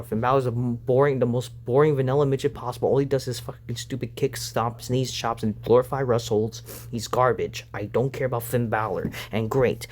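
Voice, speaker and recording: A man reviewing a wrestling show in an angry, profane rant, sighing with exasperation between points. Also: medium pitch. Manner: profane, exasperated, frequent sighs.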